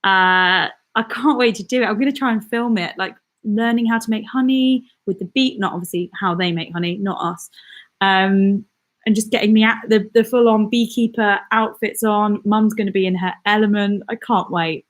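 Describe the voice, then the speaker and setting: A chatty woman from the Midlands, hosting a casual live-stream. She rambles along with plenty of fillers and little laughs, reading out viewer comments and answering them as she goes. Her voice sits at an ordinary middle pitch. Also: moderate pace. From England, the Midlands. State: out of breath. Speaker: channel host.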